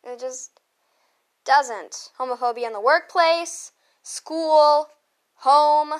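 A woman's voice: high-pitched, extremely slow. A teenage girl ranting in a casual storytime vlog, sarcastic and full of swearing.

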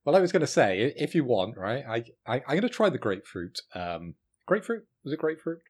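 A man's voice: mid-range voice, sing-song, fast, husky. A British man co-hosting a podcast, teasing and joking with his friends. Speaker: podcast co-host. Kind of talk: casual podcast chat.

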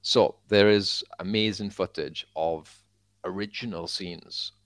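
Low-voiced man telling stories, dry. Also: slow pace, no echo. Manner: animated storyteller, many fillers, acts out quotes. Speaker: podcast co-host. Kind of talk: casual chat.

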